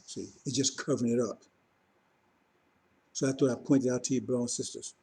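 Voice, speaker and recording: A man's voice: mid-range voice, fairly even intonation, brisk, warm tone, slight background noise. A man preaching informally to his congregation, talking conversationally and repeatedly checking in with his listeners. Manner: conversational, repetitive, keeps checking in with "see?" and "you understand?". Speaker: religious teacher.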